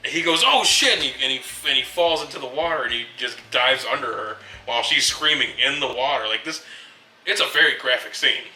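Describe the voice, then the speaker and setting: Bright-voiced man retelling movie scenes. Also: mid-range voice, brisk, a little hiss or hum. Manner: chuckles often while retelling scenes. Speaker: co-host movie reviewer. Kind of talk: casual movie review chat. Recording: roomy and distant, with music behind.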